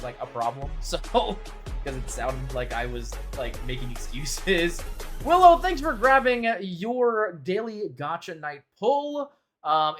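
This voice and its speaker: A man's voice: fairly high pitch, fairly bright tone. A man streaming a game, chatting casually with viewers, laughing often, swearing freely and playfully defending himself. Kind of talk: casual livestream chat with viewers.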